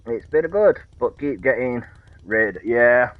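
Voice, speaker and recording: A man's voice: medium pitch, lively intonation, slow pace, no echo, narrow, tinny audio. A man chatting casually with friends while gaming, laid-back and swearing freely. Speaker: gamer streaming with friends.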